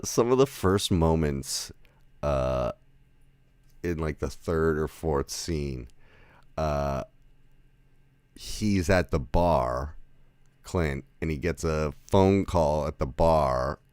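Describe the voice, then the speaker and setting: A man's voice: very deep voice, darkish tone, no room sound. A man giving a casual movie review, rambling with lots of fillers, restarts and chuckling asides. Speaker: film reviewer.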